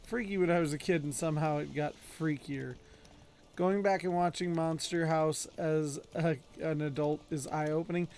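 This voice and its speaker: A man in his thirties chats casually while streaming a game, joking and scolding his in-game horse. His voice runs a bit higher than most men's. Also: fairly even intonation, moderate pace, darkish tone. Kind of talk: casual gameplay commentary.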